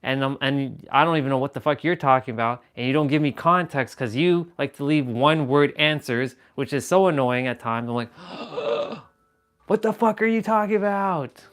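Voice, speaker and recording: A man's voice: medium pitch, fairly quick, hardly any pauses, fairly bright tone, clean tone. A young man hosting a casual livestream, rambling in an exasperated way with frequent laughs and offhand swearing. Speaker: livestream host.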